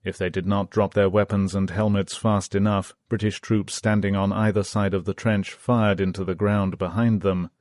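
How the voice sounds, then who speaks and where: A man narrating a history audiobook in a steady, measured reading. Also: sits low, no echo, clean studio sound.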